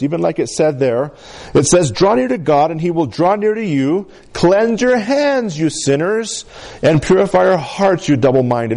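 A man preaching a sermon as pastor, with an accent from the San Luis Valley of Colorado, often asking the congregation "Amen?" and swinging between emphatic highs and soft asides.

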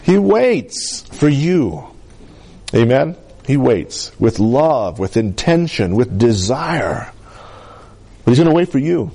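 A man preaching a sermon as pastor, with an accent from the San Luis Valley of Colorado, often asking the congregation "Amen?" and swinging between emphatic highs and soft asides. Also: very animated, takes it slowly, gravelly, husky.

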